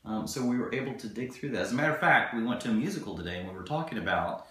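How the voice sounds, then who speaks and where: A man giving relationship advice in a casual, earnest coaching tone, slowing down for key points. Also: mid-range voice, lively intonation, fairly bright tone. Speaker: relationship video co-host. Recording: very echoey room.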